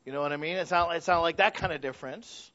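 A middle-aged Midwestern man preaching in a high voice. He talks to the congregation conversationally, dropping to quiet asides and then rising to loud, emphatic peaks. The recording sounds dull and lo-fi. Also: quick pace. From Michigan. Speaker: pastor. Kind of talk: sermon.

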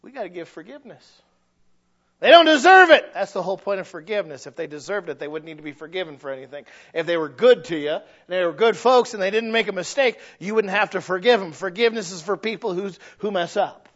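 A high-voiced man preaching a sermon, jumping from shouted, strained bursts down to soft, low asides. He acts out his listeners' excuses in exaggerated voices. The recording is dull and muffled. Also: quick pace, hardly any pauses. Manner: swings from loud shouting to quiet, low asides. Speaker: pastor.

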